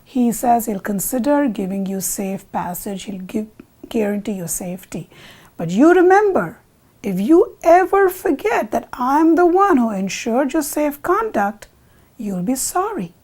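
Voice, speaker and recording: A woman's voice: mid-range voice, expressive, moderate pace, mellow, breathy edge. A woman voicing a sly male jackal courtier, persuasive and wheedling, in a told folk tale. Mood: scheming.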